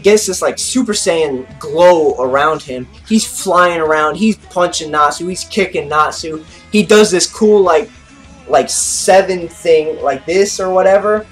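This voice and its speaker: A man hosting an anime review, recapping an episode in a casual, excitable way, saying "like" often and gesturing as he talks. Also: fairly high pitch. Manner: excitable, heavy use of "like"; gestures with his arms while talking.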